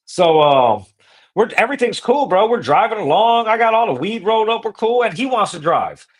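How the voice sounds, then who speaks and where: A man hosting a podcast, telling a road-trip story in casual, profane, slangy talk that gets animated. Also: high voice, moderate pace. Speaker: podcast host.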